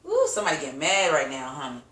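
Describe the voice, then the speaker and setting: A woman's voice: sits low, wildly swooping pitch, quick pace, fairly bright tone, echoey room, far from the mic. A woman giving a casual tarot reading to her viewers, chatty and slangy, laughing often and acting out reactions. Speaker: tarot reader.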